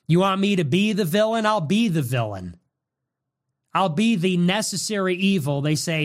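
A man's voice: sits high, expressive, normal speed. A man hosting a political show, delivering an angry, combative monologue.

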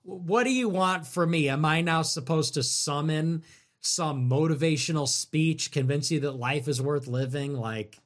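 A man hosting a livestream, reading out donations and answering them in a sarcastic, mocking way that swings from loud mimicry to low mutters. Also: a little slow. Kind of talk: casual livestream commentary.

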